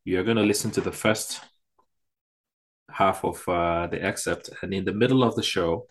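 A man's voice: low voice, normal speed. A man hosting a podcast, introducing the episode and guest in a casual, hesitant way with many fillers. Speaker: podcast host.

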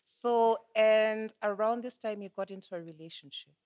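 A woman's voice: mid-range voice, moderate pace, darkish tone. A middle-aged woman hosting an interview, asking questions and giving frequent short affirmations. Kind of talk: casual interview.

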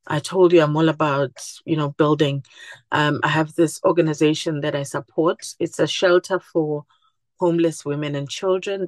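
A woman's voice: low voice, no echo. A woman guest on a podcast interview, talking earnestly and animatedly, acting out the voices of people she quotes. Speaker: podcast guest, community group founder. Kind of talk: conversational interview.

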